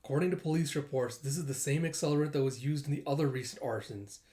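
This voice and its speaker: A manga reader voicing a composed male spy in a calm, matter-of-fact way, close to the reader's own voice. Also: medium pitch, quick pace, natural voice.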